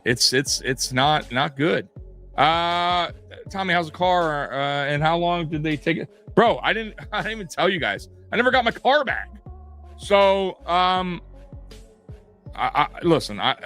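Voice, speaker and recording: A man's voice: mid-range voice, pushed and bright. A man co-hosting a live sports podcast, talking casually in a rambling, profane way with many restarts and fillers. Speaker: podcast co-host.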